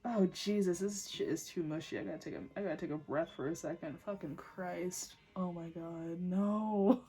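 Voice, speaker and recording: A young woman doing a casual tarot reading at home, talking in a lively, loose way with frequent swearing and exclamations. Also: fairly low pitch, normal speed, few pauses, husky. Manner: animated, swearing, breaks into laughs and snatches of singing. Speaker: tarot reader.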